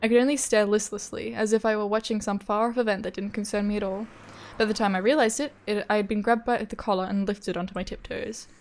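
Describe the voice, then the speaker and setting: A woman's voice: mid-range voice, steady tone, fast talker. A young woman streamer reading a visual novel aloud, breaking off into chatty, swearing asides and frequent laughs.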